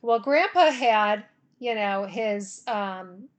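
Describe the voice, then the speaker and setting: A woman telling a funny personal story in a casual, animated way, laughing and often checking in with "okay?". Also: mid-range voice, takes it slowly.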